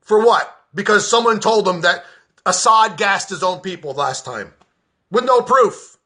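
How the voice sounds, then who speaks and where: An agitated American man tears into his subject in a high, bright voice. The tone is sharp and forceful, full of cursing and sarcasm. He is a veteran venting in a personal political rant. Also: animated, unhurried. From United States. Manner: heated, profane, sarcastic.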